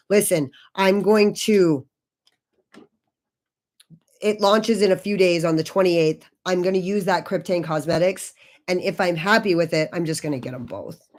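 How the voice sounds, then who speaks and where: A woman's voice: on the low side, a little slow, darkish tone. A woman in her forties hosting a casual makeup livestream, talking loosely and swearing a lot while she chats with viewers. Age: 40s. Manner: loose and profane, chatty with viewers. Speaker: beauty channel host.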